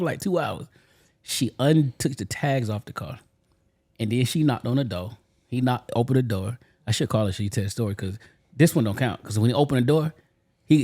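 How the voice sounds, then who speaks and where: A man's voice: medium pitch, a little mellow. A man co-hosting a podcast, telling a story in a laid-back, slangy way and laughing along. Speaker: podcast co-host. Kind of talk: casual chat and storytelling.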